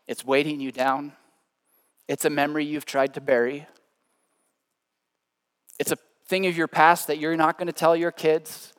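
A man preaching a sermon, telling stories with animation and swinging between loud emphasis and hushed, quiet lines. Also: a little high, level tone, normal speed, pauses often, smooth, long reverb tail. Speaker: pastor.

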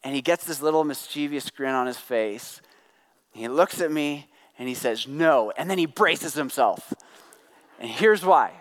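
A man's voice: medium pitch, animated, measured pace. A middle-aged man preaching a sermon to a congregation, conversational and joking, acting out the voices he quotes. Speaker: pastor. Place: church hall with congregation. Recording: long hall reverb.

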